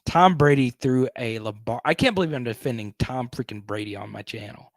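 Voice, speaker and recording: A man's voice: medium pitch, a little fast, dry recording. A man hosting a casual live stream, chatting and reading viewer comments aloud.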